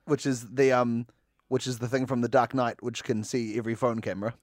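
A man's voice: mid-range voice, little pitch movement, a little fast, darkish tone, no echo, clean studio sound. A man co-hosting a casual movie podcast, joking and laughing often. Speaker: podcast co-host.

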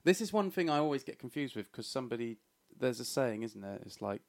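Man, podcast co-host, giggly and excitable, mid-pitched, with a sweary storyteller's energy. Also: brisk, vocal fry. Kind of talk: casual chat, recapping a cartoon.

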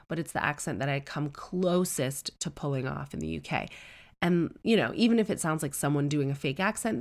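Low-voiced chatty comic woman. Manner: self-deprecating, digressive, comic. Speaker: celebrity storyteller. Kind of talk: chatty personal monologue.

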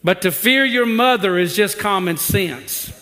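A man's voice: high voice, expressive, unhurried, bright, forceful tone, in a large hall. A male pastor preaching a sermon in a church, leading the congregation to repeat scripture and telling humorous stories with rising emphasis. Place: church sanctuary.

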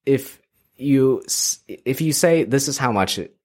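A man's voice: mid-range voice, expressive, a little mellow. A young man telling a story in casual chat, rambling with many restarts and frequent laughs. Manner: rambling, halting, laughs often. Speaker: podcast guest. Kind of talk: casual conversation.

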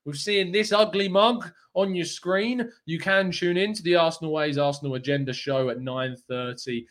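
A man's voice: a little high, a bit bright. A man hosting a live football fan news show, chatting in an upbeat way and reading out viewer comments. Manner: chatty and upbeat, with frequent fillers and quick laughs.

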